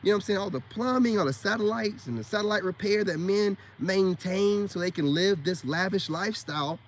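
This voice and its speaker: A man's voice: high-pitched, fairly quick, a little hiss or hum. A man giving a casual, preachy monologue as a self-styled spiritual coach, emphatic and full of street slang and rhetorical questions.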